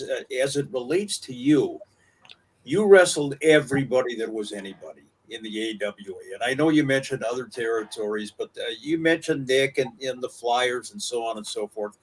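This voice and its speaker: A man's voice: mid-range voice, animated, moderate pace, breathy edge. Male podcast host, a bit off-mic. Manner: long, multi-part questions with ums and restarts. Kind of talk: interview questions. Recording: voice distant from the mic.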